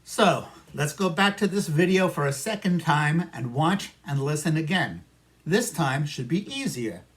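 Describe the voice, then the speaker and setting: Here's an animated, slightly bright male voice on the high side, belonging to an ESL teacher from New York. Giving a patient, slow English listening lesson in a pretend classroom, he talks to imaginary students, echoes their answers, and fills them in himself.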